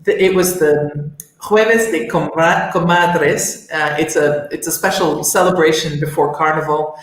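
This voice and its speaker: Woman co-host, unhurried and rambling, heavy room echo. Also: sits low. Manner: rambling, many restarts and fillers. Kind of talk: casual chat. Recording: very echoey room.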